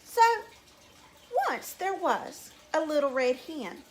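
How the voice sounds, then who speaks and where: A teacher reading a folk tale aloud to young children, animated and drawn out. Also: female voice, sits high, takes it slowly, a little hiss or hum.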